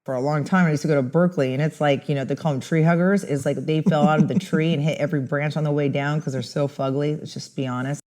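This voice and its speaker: A woman telling a story in a casual, animated way, acting out the voices of the people in it. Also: deep voice, quick pace, few pauses. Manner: animated, mimics voices in her anecdote.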